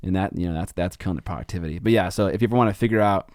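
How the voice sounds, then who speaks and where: Male podcast co-host, lowish voice, relaxed chatty delivery, dry close mic. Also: rapid-fire, no echo. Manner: relaxed, chatty, filler-heavy with likes and ums. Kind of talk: casual podcast chat.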